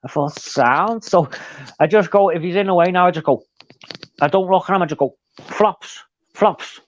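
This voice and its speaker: A man telling animated stories in a casual live chat. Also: sits high, a little fast, highs cut off, a little hiss or hum. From England. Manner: chatty, animated storytelling. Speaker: co-host.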